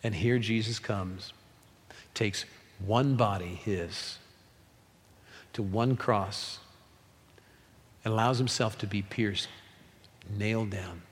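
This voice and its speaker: A middle-aged man preaching a sermon as a pastor, emphatic, rising to loud pleas and dropping to hushed, solemn passages. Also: on the low side, slow, pauses often. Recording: long hall reverb.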